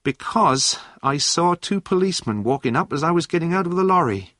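A man reading a storybook aloud and voicing an eager young man on the run in a raised, animated voice. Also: a little high, brisk, no room sound, voice pushed up.

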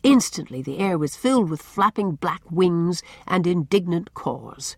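A woman narrating a chapter of a novel in an expressive storytelling manner. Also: lowish voice, moderate pace, few pauses, husky, no room sound. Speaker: audiobook narrator. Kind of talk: scripted narration.

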